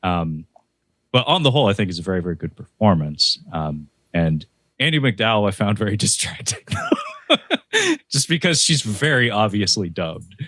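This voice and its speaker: An American man co-hosting a casual film review, talking in long rambling stretches with restarts and quick laughs. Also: lowish voice, expressive, fairly bright tone, dry recording.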